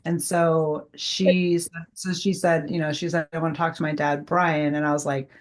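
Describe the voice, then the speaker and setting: A middle-aged woman, a guest medium, telling an animated personal story in casual chat and acting out the dialogue. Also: deep voice, moderate pace. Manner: animated, heavy use of "like", acts out quoted dialogue.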